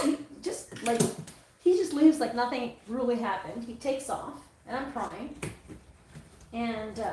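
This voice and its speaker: Chatting on a livestream from her grooming room, a Canadian dog groomer in middle age rambles through a story and keeps correcting herself. Her voice sits high. She's far from the mic in an echoey space, with a little hiss or hum.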